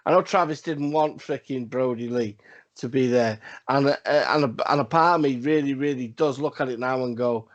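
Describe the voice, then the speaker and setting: A man with a slightly high voice co-hosts a casual podcast. He rambles, swears freely and repeats himself for emphasis. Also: fairly quick, highs cut off. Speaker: podcast co-host. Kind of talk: casual wrestling podcast chat.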